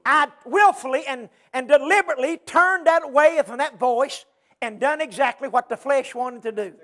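A man preaching a chanted sermon, with a rhythmic sing-song delivery full of repeated refrains and breathy "uh"s. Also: extremely high pitch, moderate pace, bright, forceful tone.

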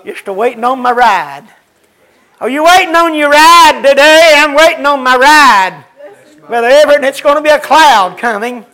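Older man singing gospel, high and bright. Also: lively intonation, poor audio. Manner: drawn-out sung lines, then quick chatty talk addressing others by name. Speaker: gospel singer. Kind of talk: gospel singing and folksy storytelling.

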